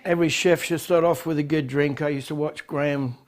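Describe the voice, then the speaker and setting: A man's voice: fairly high pitch, steady tone, fairly quick, soft background music. A middle-aged man, cooking a curry at home and cracking dry jokes. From England. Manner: wry, joking, hesitant with fillers. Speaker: home cook, biker club president. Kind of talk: casual cooking demonstration.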